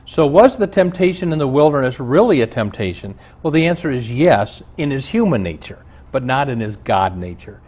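A man's voice: medium pitch, very animated, normal speed, few pauses, darkish tone. A man who is a pastor, teaching a Bible lesson on a show and telling stories from his own life in an earnest preaching manner.

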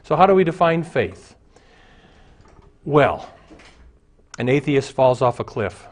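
A man's voice: mid-range voice, animated, takes it slowly. Male pastor, mid-range voice, storytelling sermon delivery. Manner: storytelling preacher, acts out voices in jokes.

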